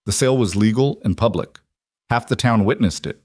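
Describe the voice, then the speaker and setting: A man's voice: on the low side, fairly quick, no room sound, natural voice. A man voicing a tough, blunt rancher who is no longer young, in a spoken frontier story. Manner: flat, blunt.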